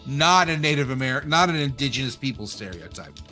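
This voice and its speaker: A man's voice: mid-range voice, lively intonation, sharp tone, soft background music. A man from the American South, co-hosting a casual gameplay chat, joking and swearing freely. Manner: joking, profane, quick to laugh. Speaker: co-host.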